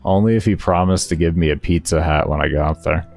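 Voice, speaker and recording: A man's voice: sits low, fairly quick, creaky, a little mellow. A male streamer in laid-back, slangy casual chat, talking to his viewers. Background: faint background music.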